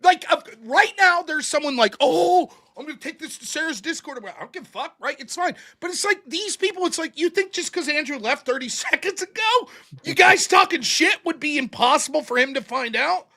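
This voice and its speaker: A man's voice: very high voice, animated, moderate pace, pushed and bright. A man hosting a livestream, ranting casually with profanity and mocking impressions of others. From United States. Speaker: host. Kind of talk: casual livestream debate chat.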